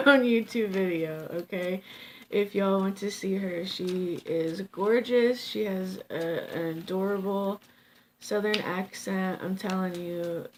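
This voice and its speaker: A woman's voice: mid-range voice, a little hiss or hum. A woman tarot reader chatting casually to her viewers, rambling with lots of fillers and swearing lightly, tired without her coffee. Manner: rambling and chatty, many fillers and self-interrupting laughs. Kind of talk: casual chat to camera.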